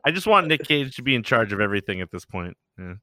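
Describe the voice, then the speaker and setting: Male podcast co-host, bright tone, laid-back replies, dry close mic. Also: fairly low pitch, fast, no room sound. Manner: relaxed listener who chimes in with short replies. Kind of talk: casual movie chat.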